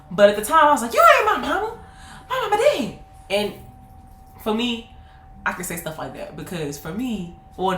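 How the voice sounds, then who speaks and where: Animated twenty-something woman chatting to viewers, swoops all over, kinda echoey room. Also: fairly low pitch. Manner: animated, laughing, talks to viewers as y'all. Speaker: vlogger. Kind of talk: casual storytelling. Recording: roomy echo.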